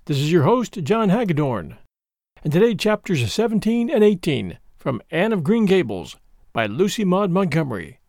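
A man hosting and narrating a classic novel aloud in a measured storytelling manner. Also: sits high, big pitch swings, darkish tone, no room sound, studio quality. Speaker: podcast host and reader. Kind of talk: audiobook narration.

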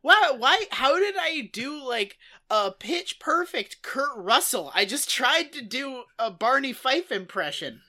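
Woman, podcast co-host, bright voice, rambling, lots of fillers. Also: high voice, very animated, slow, hardly any pauses. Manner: rambling, heavy use of "like", casual swearing. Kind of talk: casual comedic chat.

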